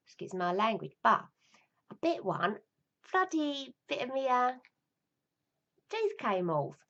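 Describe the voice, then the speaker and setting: Brief: middle-aged woman, London accent, casual storyteller, swears and mimics people, gravelly. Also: medium pitch, muffled recording. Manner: chatty, rambling, swears, acts out voices. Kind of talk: casual reminiscing monologue.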